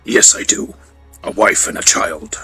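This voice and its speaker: A man's voice: a little slow, over music, close to an everyday voice, rough recording. A man voicing a proud male alien hunter warrior who speaks formally and tersely. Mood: dutiful.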